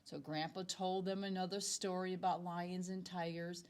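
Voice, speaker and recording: A woman, a second-grade teacher, reading a picture book aloud to children in a slow, expressive, dramatic way. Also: lowish voice, clean tone.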